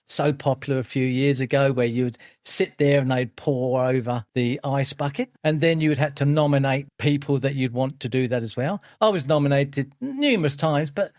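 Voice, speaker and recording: A man's voice: mid-range voice, normal speed, few pauses, a little mellow. A middle-aged man co-hosting a podcast in casual chat, upbeat and encouraging with a teasing edge. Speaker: podcast co-host.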